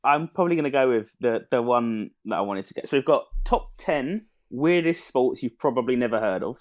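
A man co-hosting a casual podcast, relaxed and joking. His voice sits at a middle pitch and has an easy, chatty delivery. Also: a little fast. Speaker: podcast co-host. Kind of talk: casual chat.

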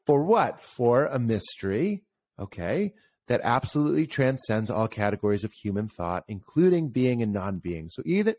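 A man in casual conversation who tells stories with animation, often jumps up in pitch for emphasis and acts out the voices he quotes. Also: a little mellow, dry recording.

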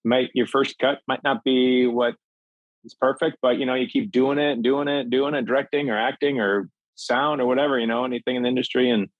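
A man's voice: mid-range voice, a little fast, dry recording, phone-quality sound. Earnest man telling a story. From Minnesota. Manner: earnest, animated when acting out quotes. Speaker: guest. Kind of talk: candid storytelling in a podcast interview.

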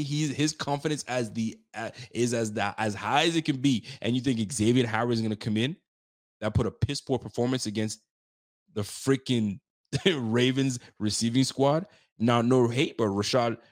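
Animated trash-talking sports show man. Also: medium pitch. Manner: animated, emphatic, ranting, trash-talking, often repeats himself. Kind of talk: casual sports talk show.

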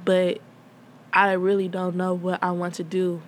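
Soft-spoken young woman, candid rambling talk. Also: on the low side, monotone, measured pace, slight background noise. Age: young adult. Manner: candid, rambling, many fillers. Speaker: podcast host. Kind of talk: casual personal talk. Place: at home.

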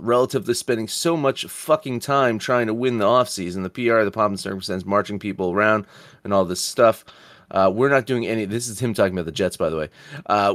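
A man's voice: lowish voice, a bit bright, no echo. A man hosting a sports podcast in casual, profane chat, rambling and reading quotes aloud. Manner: rambling, swears often, reads quotes aloud. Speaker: podcast host.

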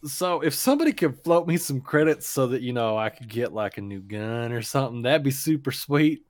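A man's voice: medium pitch, very animated, fairly quick, no room sound, clean studio sound. A man playing a tabletop game, joking and boasting in casual in-character banter and swearing freely.

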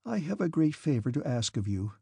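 A man voicing a gentle, devout, timid young princess in an audiobook, earnest and pleading. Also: on the high side, sing-song, fairly quick, creaky, breathy edge, dry recording, studio quality, exaggerated voice. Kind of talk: audiobook character reading.

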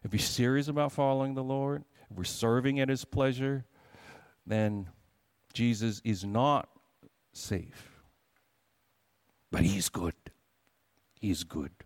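A man's voice: medium pitch, no echo, studio quality. A man preaching a sermon in an earnest, questioning, emphatic way. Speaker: pastor.

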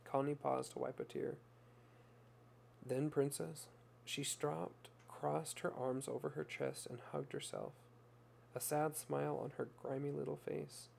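A man narrating a story in a measured, earnest reading style. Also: mid-range voice, gravelly, darkish tone, a little hiss or hum.

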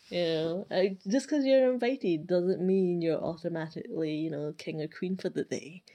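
A woman's voice: lowish voice, normal speed, few pauses, warm tone. A woman in casual chat about running her game clan, rambling and exasperated, full of fillers. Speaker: clan leader.

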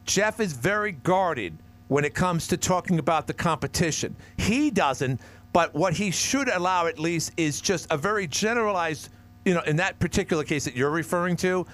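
A middle-aged man hosting a call-in radio show, jovial and quick to laugh. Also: a little high, expressive, a bit bright. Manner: jovial, laughs often, interrupts. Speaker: radio talk show host.

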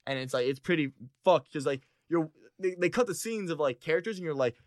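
A man telling stories in casual podcast banter, animated and crude, joking with friends. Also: on the high side, no echo, studio quality. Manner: fast, animated storytelling with crude jokes. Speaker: comedian.

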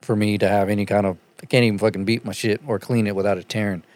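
A man's voice: fairly low pitch, flat delivery, fast, darkish tone, no echo. A man hosting a podcast, telling crude stories with lots of swearing and laughter. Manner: profane, laughing storyteller. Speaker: podcast host. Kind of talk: casual crude podcast banter.

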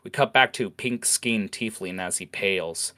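A man narrating a fantasy tavern scene in a relaxed way, with fillers. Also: on the low side, normal speed. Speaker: storyteller.

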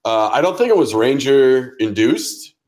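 A young man co-hosts a casual podcast with a dry, teasing, laid-back manner. His pitch sits mid-range, yet it moves in a lively way as he ribs his partner. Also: unhurried. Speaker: podcast co-host. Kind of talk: casual chat.

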